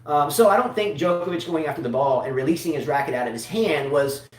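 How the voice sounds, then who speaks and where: A man's voice: on the high side, quick pace. A man co-hosting a casual tennis show, talking in long rambling runs with many restarts. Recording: echoey room, mic at a distance.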